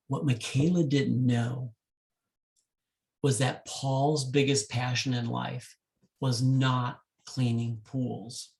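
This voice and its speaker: A man working as a wedding DJ, speaking directly to couples and telling a love story in an animated way. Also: mid-range voice, slow pace, gravelly, pauses often.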